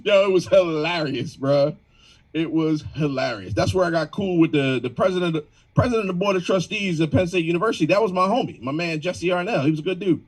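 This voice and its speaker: A man's voice: on the high side, fairly quick, low-quality recording. A man telling wild work stories on a video call in casual slang, mimicking people he talks about. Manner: animated, slangy, mimics people in exaggerated voices. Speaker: band member.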